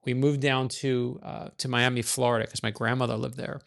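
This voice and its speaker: Gravelly man telling a lively story. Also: medium pitch. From New York. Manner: animated, fast-talking storyteller, acts out quoted lines. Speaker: author guest. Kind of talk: conversational storytelling.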